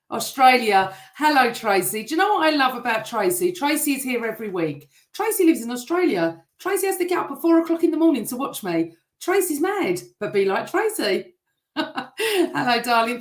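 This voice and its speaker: A middle-aged woman hosting a live football fan show, chatting and reading out viewer comments, her voice a bit rough. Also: fairly high pitch. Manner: chatty, warm toward viewers, teasing. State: voice still rough from shouting. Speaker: host. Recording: echoey room.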